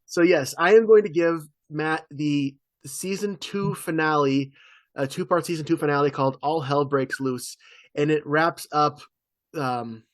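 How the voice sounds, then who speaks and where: A man co-hosting a podcast, chatting casually in a rambling way with quick asides. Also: a little high, dry recording. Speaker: podcast co-host. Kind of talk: casual chat.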